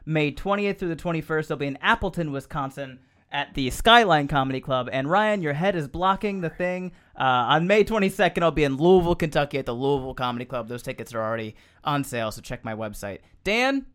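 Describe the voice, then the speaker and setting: A man's voice: a little high, fast, fairly bright tone, clear, resonant tone. A man hosting a comedy podcast and chatting casually with his co-hosts in a joking, upbeat manner. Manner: joking, upbeat, plugs shows. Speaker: podcast host and stand-up comedian.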